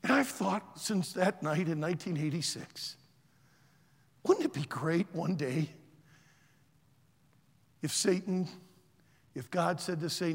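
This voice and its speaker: A man preaching to college students, telling a story in a loud, animated way. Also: on the high side, slow pace, long pauses, husky, in a large hall. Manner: animated storyteller, shouts quoted lines. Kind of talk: sermon with a story.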